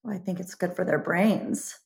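A woman with a somewhat low voice, a cookbook author guesting on a casual interview. She speaks earnestly and thoughtfully, pausing and restarting now and then. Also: vocal fry, a little mellow.

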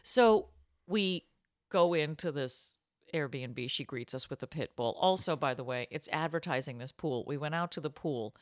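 A woman's voice: sits low, expressive, normal speed, no room sound, studio quality. A woman co-hosting a podcast, telling a comic story in casual chat and slipping into silly voices. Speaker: podcast co-host.

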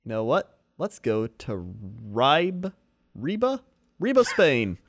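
Male co-host, mid pitch, very lively intonation, dry close sound, deadpan comic bits. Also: slow pace, no echo. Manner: deadpan joking, mock explanations. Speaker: podcast co-host. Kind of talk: casual comedic chat.

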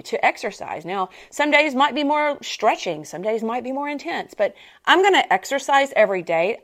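A woman hosting a faith and fitness podcast. She is a personal trainer who tells a story in a chatty way, laughs often and repeats her phrases. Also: mid-range voice. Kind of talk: casual chat, storytelling.

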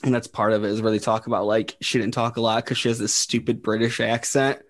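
A man's voice: lowish voice, level tone, fast talker. Male podcast host, casual, filler-heavy, laughs at his own lines. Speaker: podcast host presenting the topic.

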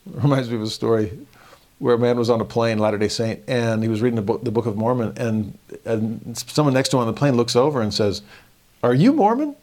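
A man giving a casual scripture lesson, animated and acting out the dialogue in quick voices. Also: mid-range voice. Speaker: scripture teacher.

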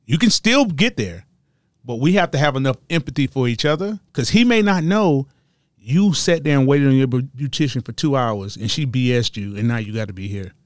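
A man in a casual group discussion, talking in an animated way and leaping high in pitch when he mocks. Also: brisk, dry recording, studio quality.

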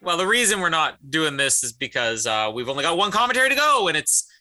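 Animated podcast guy, kinda high, really bright voice. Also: quick pace. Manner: animated storyteller acting out quotes. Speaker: podcast co-host. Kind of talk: casual chat.

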